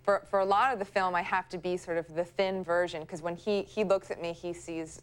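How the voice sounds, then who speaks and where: A woman's voice: fairly low pitch, fairly even intonation, brisk, clear, resonant tone. A young woman chatting as a guest on a talk show, giggly and rambling, recorded from a studio broadcast. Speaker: guest actress. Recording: VHS transfer with noise.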